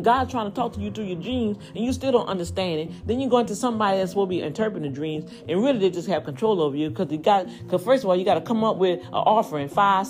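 A woman hosting a podcast, preaching in a casual way to listeners she calls y'all. She swoops up high when she gets fired up and drops low and quiet for asides. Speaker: podcast host.

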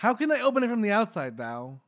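An emotional voice at a middle pitch reacting to a film as it plays. The speaker talks straight to the viewers and exclaims often. This is casual reaction commentary from a video host. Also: big pitch swings, fast.

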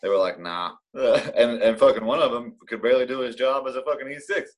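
A relaxed man in casual conversation with an old army buddy. He speaks plainly in a medium voice, with easy swearing. Short replies and laughter fill his turns. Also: mid-range voice, fairly quick. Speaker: army veteran friend. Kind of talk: casual profane chat.

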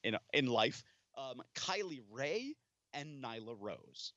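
Man, podcast co-host, teasing asides, bright voice, dry close mic. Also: medium pitch, sing-song, no room sound, dull audio. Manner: teasing, quick asides, many fillers. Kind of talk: casual podcast chat.

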